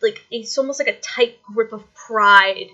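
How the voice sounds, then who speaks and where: A woman's voice: on the high side, measured pace, pushed and bright, dull audio. A woman narrating a tabletop game as dungeon master, rambling through descriptions with many fillers.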